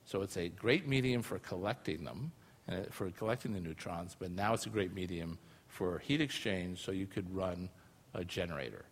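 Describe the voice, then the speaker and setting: A man's voice: low-pitched, moderate pace. A man giving a live public science talk to an audience, explaining in a casual, conversational way with frequent asides and tag questions. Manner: casual and explanatory, often using filler phrases and tag questions. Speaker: lecturer presenting research. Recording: long reverb from a large hall.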